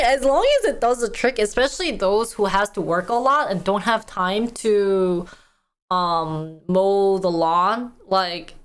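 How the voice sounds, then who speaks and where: A woman streaming live, chatting casually with her viewers, reacting to news items with frequent laughter. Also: medium pitch.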